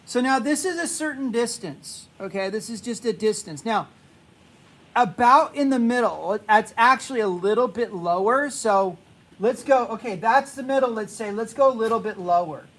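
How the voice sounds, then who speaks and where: A young man teaching a drawing class, talking casually and haltingly, repeating himself and hushing the students. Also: high voice, lively intonation, poor audio. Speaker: art teacher.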